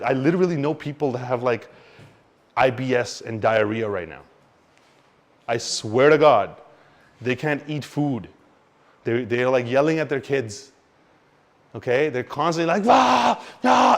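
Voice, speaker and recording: A man teaching about crypto market cycles in an animated, expressive way, swinging between loud and quiet and mimicking panicked investors. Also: medium pitch. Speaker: crypto educator. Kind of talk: explanatory talk to camera.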